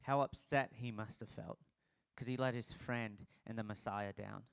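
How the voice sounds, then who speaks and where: A man's voice: lowish voice, steady tone, moderate pace, gravelly, smooth. A young adult man, a pastor giving a casual sermon and acting out the lines of the people in the story. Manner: conversational, acts out quoted dialogue.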